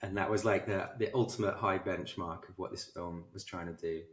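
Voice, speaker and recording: Man, low voice, animated self-deprecating storyteller, roomy echo. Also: a little fast, distant mic. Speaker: film director, interview guest. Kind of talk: casual interview storytelling.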